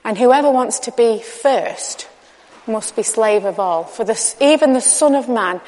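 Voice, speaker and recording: A woman's voice: a little high, measured pace, a little mellow. A woman giving a candid, conversational sermon and acting out bits of dialogue. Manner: candid, chatty, acts out dialogue. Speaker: preacher. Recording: long reverb of a large hall.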